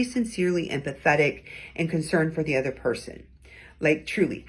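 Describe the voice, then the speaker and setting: A middle-aged woman with a low, husky voice talks straight to her viewers in a relaxed, teaching way. She drops into brief acted examples to show what she means, then returns to her easy conversational delivery. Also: fairly quick. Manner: conversational, acts out tones in short quoted bits. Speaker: host giving weekly advice. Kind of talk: casual teaching talk to camera.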